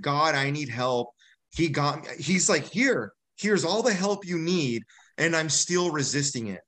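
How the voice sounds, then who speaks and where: An army veteran guesting on a podcast tells a personal story candidly and bluntly, his voice fairly high and a bit bright. He acts out the dialogue casually and keeps saying "bro."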